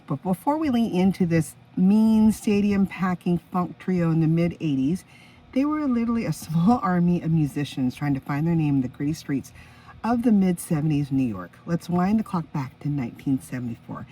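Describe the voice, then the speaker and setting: A woman's voice: lowish voice, animated, normal speed, dark tone, husky, far from the mic, poor audio. Chatty woman in her fifties hosting a podcast. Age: 50s. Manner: chatty, enthusiastic, stops to react to her own notes. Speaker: podcast host. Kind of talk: casual solo podcast chat.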